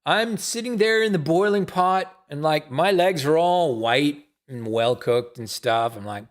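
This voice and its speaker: A middle-aged man rants on a live stream, blunt and profane. His voice sits high for a man and leaps about in pitch as he talks. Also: animated, unhurried. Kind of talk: casual stream monologue.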